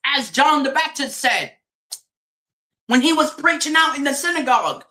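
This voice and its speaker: A woman with a high, sharply bright voice delivers a preachy, mocking rant. She talks at an unhurried pace and drops in curses. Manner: preachy, mocking, laughs and swears often. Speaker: streamer. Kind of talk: impassioned religious rant.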